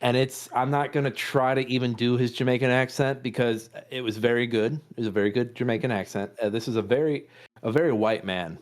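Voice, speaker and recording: A man in his thirties, an improv performer, podcast co-host and dad, tells a rambling, self-deprecating story in casual chat, restarting and swearing along the way. His voice sits at medium pitch, steady in tone and fairly quick.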